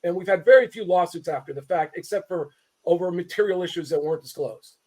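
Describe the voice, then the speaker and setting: A fast-talking real estate attorney from Southern California, with a high, slightly mellow voice, gives heated commentary. Fired-up and emphatic, he often interrupts himself to begin his sentences again.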